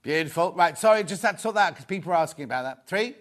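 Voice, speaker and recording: A man presenting a live shopping show, talking briskly and repeating instructions to viewers. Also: fairly high pitch, lively intonation, a bit bright.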